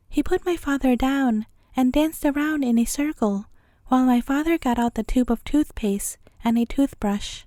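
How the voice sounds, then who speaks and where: A woman reading a bedtime story aloud in a gentle, even storytelling manner. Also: high voice, normal speed, few pauses, no echo.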